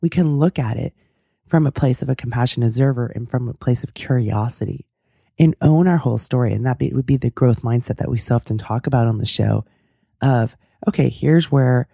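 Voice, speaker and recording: Woman host, hoarse and cracking, low gravelly and dark, thoughtful solo talk. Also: no echo, studio quality. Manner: earnest, thoughtful, self-deprecating. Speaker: podcast host. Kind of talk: casual interview chat and solo reflection.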